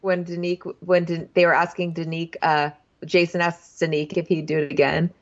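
Female co-host, chatty storyteller, lower voice, muffled lo-fi audio. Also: little pitch movement, brisk. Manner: chatty storyteller, acts out quotes. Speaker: podcast co-host. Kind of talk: casual chat recapping a reality show. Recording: dull, lo-fi sound.

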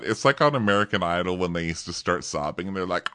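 A man co-hosting a casual comedic chat, sarcastic and mocking, laughing often and breaking into shrill mimicry. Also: very animated, a little fast, few pauses, bright, forceful tone, dry recording, studio quality. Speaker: podcast co-host.

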